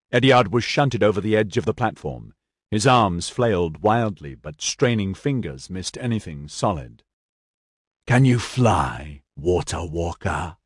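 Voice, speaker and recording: A man reading scripted narration of a novel in a measured, dramatic way. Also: lowish voice, no echo, studio quality. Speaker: audiobook narrator.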